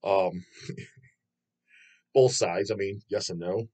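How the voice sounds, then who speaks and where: A man's voice: low voice, steady tone, slow pace, darkish tone. Profane rambling man chatting with viewers. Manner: profane, rambling, laughs often. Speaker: channel host reading viewer comments. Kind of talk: casual chat.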